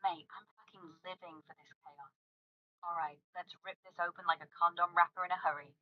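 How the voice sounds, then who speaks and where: This synthetic female voice sits fairly low and holds a steady tone, with a lo-fi quality that still sounds close to an everyday speaker. She plays a crude, foul-mouthed AI chatbot, firing off raunchy banter at a brash, rapid-fire clip.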